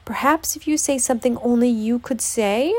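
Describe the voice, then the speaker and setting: A woman doing a squeaky, timid little piglet. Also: moderate pace, darkish tone, close to an everyday voice. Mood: anxious. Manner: squeaky, stammering. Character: timid tiny male piglet, nervous and stammering. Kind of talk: storybook read-aloud.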